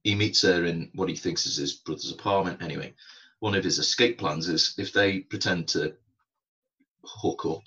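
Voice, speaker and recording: A man's voice: low-pitched, normal speed, bright, forceful tone, husky, lo-fi sound. A man co-hosting a podcast, chatting casually and rambling about a film. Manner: rambling, chatty, laughs often. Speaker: podcast co-host.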